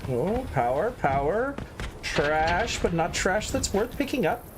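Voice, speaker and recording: A man's voice: high-pitched, very animated, slow pace, background noise. A man streaming a video game and chatting playfully with viewers as he plays. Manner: chatty, playful, sing-song asides. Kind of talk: casual gameplay commentary.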